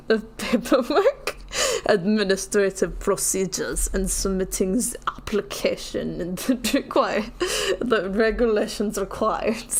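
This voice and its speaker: A woman's voice: on the low side, close to an everyday voice. A tired, put-upon merchant in a broad fake Russian accent, voiced by a woman reading game dialogue aloud. He stays formal and polite, worn down by endless paperwork. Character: weary male merchant buried in paperwork.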